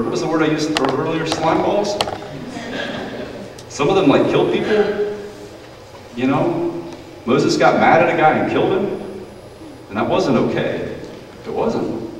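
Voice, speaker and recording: A man's voice: mid-range voice, a little hiss or hum. Brief: male pastor, playful children's sermon, distant mic, long church reverb. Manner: playful, acts out quoted voices. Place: church sanctuary. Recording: echoey church hall, mic far off.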